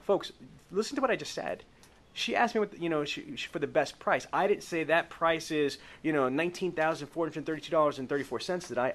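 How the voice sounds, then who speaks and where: In a fairly high, somewhat bright voice, a man coaches a live sales training session built around role-play. He's emphatic, lengthening important words and constantly checking for the group's agreement.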